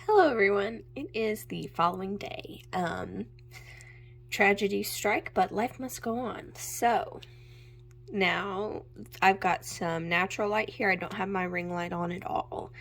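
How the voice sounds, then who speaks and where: A young woman chatting casually at home as she shows her makeup, gushing and sometimes dropping into a soft whisper. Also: medium pitch, measured pace, creaky, slight background noise. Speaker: makeup vlogger. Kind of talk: casual chat while swatching makeup. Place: home room with natural light.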